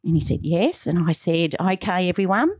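Middle-aged woman, interview guest, lowish voice, dry close sound, earnest storyteller who acts out quotes. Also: normal speed, dry recording. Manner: animated, acts out quoted dialogue; earnest and heartfelt.

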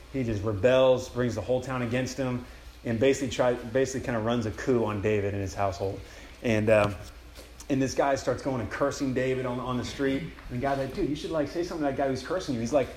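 A man's voice: mid-range voice, a little mellow, a little hiss or hum. A young man giving a casual, enthusiastic retreat sermon, acting out inner prayers as he goes. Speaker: campus ministry speaker. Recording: echoey room with faint ambience.

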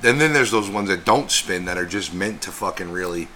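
A man's voice: low-pitched, lively intonation, brisk, sharp tone, slight background noise. A man chiming in with profane wisecracks in casual podcast chat. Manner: wisecracking, swears, chimes in with jokes. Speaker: podcast co-host.

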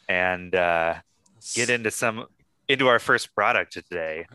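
A man's voice: low voice, a little slow, sharp tone, smooth, no echo. A man hosting a casual podcast chat, rambling and swearing freely as he talks. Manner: chatty, profane, rambling asides. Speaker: podcast host.

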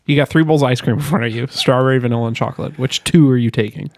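A man co-hosting a casual podcast, making blunt, deadpan jokes. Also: mid-range voice, very fast, no room sound. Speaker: podcast co-host. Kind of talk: casual chat over beers.

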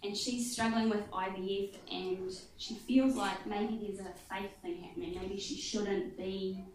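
A woman tells a humorous testimony as a sermon. Her delivery is animated and full of laughter, and her voice sits in a mid register. It echoes through the room over steady background noise. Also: medium pitch, measured pace. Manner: animated storytelling, laughs often. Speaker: guest speaker.

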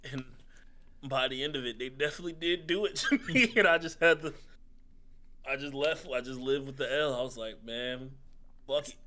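A giggly man tells his stories in quick bursts, swearing freely and laughing at himself. His voice is high for a man and strikingly bright and sharp. He sounds like a joking co-host trading stories with friends. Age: adult. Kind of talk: casual chat.

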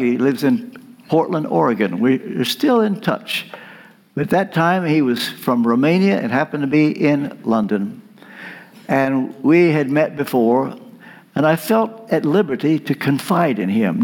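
A man delivering a sermon as a guest preacher, telling a story with dramatic pauses. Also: a little high, lively intonation, darkish tone. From United States.

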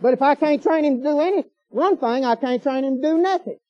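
A man's voice: extremely high pitch, quick pace. A man preaching a sermon in a folksy, emphatic way, firing off rhetorical questions. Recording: dull lo-fi sermon recording.

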